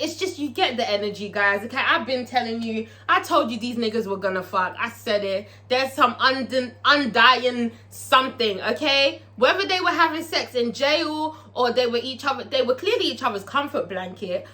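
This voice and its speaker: A woman recapping a TV episode in a casual vlog, profane and excitable, tagging her lines with "okay?". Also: fairly high pitch. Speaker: TV show reviewer.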